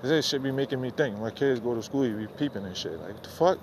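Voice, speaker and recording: A man talks in a rambling, heavily profane, exasperated way, circling back over the same points. He is recorded outdoors at night through a phone headset, with faint street and traffic noise behind him. His pitch sits in a mid range. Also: expressive, fast talker. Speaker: podcast host. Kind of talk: unfiltered late-night rant. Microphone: phone with headphones.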